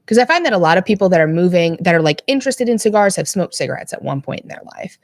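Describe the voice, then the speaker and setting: A woman co-hosting a casual podcast, chatty and quick to laugh. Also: lowish voice, big pitch swings. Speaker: podcast co-host. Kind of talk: casual chat.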